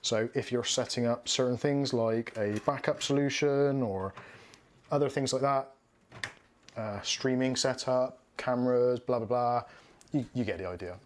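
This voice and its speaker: A man talks casually and frankly as he works through a livestream. His voice sits at an ordinary middle pitch, with a faint hiss of noise under it. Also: unhurried. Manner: frank, chatty, laughs often. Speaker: streamer building a PC.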